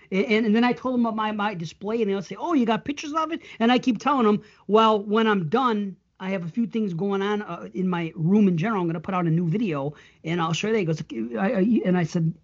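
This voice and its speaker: Co-hosting a podcast, a man spins stories in relaxed conversation and laughs frequently. He has a high voice and talks fast, hardly pausing, and the recording sounds muffled.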